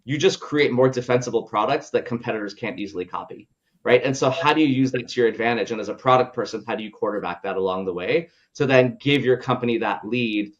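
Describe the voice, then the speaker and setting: A man's voice: medium pitch, fast, dull audio. A male podcast guest and product leader talking casually, looping in fillers and ending points with "right?". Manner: loose, filler-heavy, ends points with "right?". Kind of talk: casual conversational interview.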